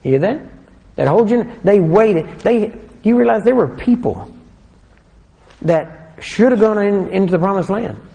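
A man delivering a sermon in a slightly raised, mellow voice. He talks in a conversational way and keeps asking his listeners questions. He slows down when he reads scripture aloud, and his words ring through a hall with long reverb. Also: high voice, big pitch swings, creaky. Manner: conversational, asks the congregation questions. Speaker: preacher.

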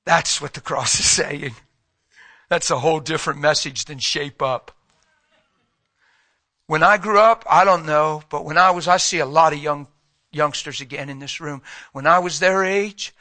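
A middle-aged man preaching a sermon, emphatic and direct, urging his listeners and swinging from loud passages to hushed ones. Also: fairly high pitch, moderate pace.

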